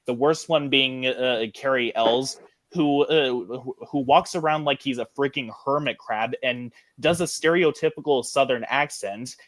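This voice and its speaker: A man's voice: medium pitch, a little slow, fairly bright tone, no echo. A man hosting a podcast in casual chat, rambling with many fillers and restarts. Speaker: podcast host.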